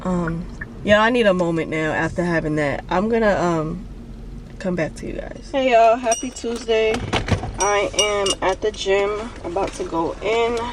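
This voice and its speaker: A young woman vlogging from her car, venting and on the verge of tears, talking in a halting way and repeating herself. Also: mid-range voice, distant mic, noisy background. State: emotional, near tears. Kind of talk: emotional confessional vlog. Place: parked car.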